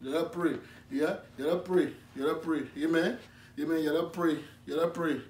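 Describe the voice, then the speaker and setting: A brash, pleading Liberian pastor, as a man puts him on begs for offerings and chants his refrains again and again in a Liberian English accent. His raised voice sits high and rings around a roomy space, heard from some distance. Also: fairly even intonation, moderate pace, a little mellow, slight background noise, close to an everyday voice. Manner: exclaiming, repetitive, chanting refrains. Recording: echoey room from a distance.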